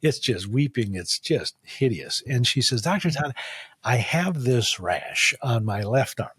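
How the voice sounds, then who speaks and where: A man's voice: medium pitch, expressive, measured pace, fairly bright tone, breathy edge, dry recording. A man guest in an interview, telling a patient story animatedly and acting out the dialogue. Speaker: guest, facial diagnosis practitioner.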